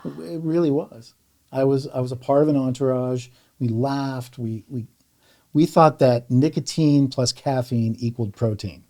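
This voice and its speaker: A middle-aged man, a podcast guest, telling stories in a relaxed chat, animated and casually profane. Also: mid-range voice, measured pace. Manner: animated storyteller, swears casually. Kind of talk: casual storytelling conversation.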